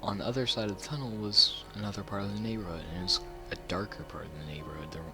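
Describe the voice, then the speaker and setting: A man's voice: lowish voice, quick pace, music in the background. A man telling a personal story in a casual storytime vlog, rambling with many fillers and restarts. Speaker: YouTuber.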